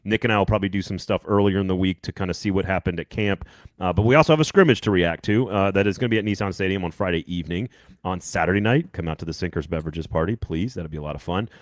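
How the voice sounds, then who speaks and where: Quick-talking guy hosting a sports podcast, lowish voice, dry sound. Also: dry recording. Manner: quick, rambling, joking. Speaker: podcast host. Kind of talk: casual sports chat.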